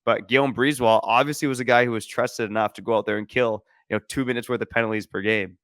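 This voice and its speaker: A man's voice: medium pitch, steady tone, quick pace, a bit bright, dry recording, clean studio sound. A man co-hosting a casual sports podcast, laying out stats in a laid-back way and laughing easily. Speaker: podcast co-host.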